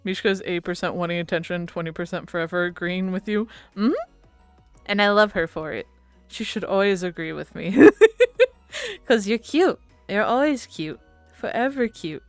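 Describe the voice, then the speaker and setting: A woman's voice: on the low side, normal speed, dry recording, soft background music. A woman streamer chatting casually with her viewers, rambling and laughing often. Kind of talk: casual livestream chat.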